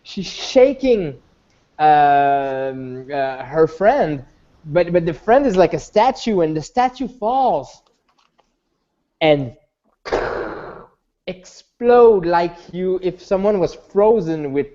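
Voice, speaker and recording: Lively rambling tabletop game master. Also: mid-range voice, takes it slowly, long pauses. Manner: rambling with many restarts. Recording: dull lo-fi recording.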